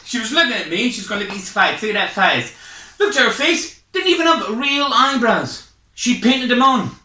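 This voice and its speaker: A Scottish man fires off a jittery, self-mocking stand-up set from home, sounding out of breath. His voice sits high and bright. He sits back from the webcam in an echoey room. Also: expressive, normal speed. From Scotland. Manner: hyper, rambling, self-mocking. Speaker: stand-up comedian. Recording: echoey room, far from mic.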